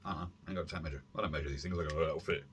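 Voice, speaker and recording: A man hosting a casual airsoft gear vlog from his warm room at home, rambling along with self-deprecating asides and filler words. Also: very deep voice, very fast, slight background noise. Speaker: airsoft YouTube channel host. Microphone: camera on a stand.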